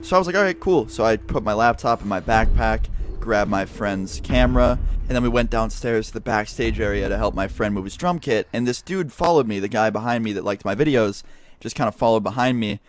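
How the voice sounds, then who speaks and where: Fast-talking young man telling a story. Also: on the low side, slight background noise. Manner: animated, profane, heavy swearing. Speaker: YouTuber. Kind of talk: casual storytelling over gameplay. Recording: game sounds and gunfire behind voice. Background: gunfire and clicks from a game.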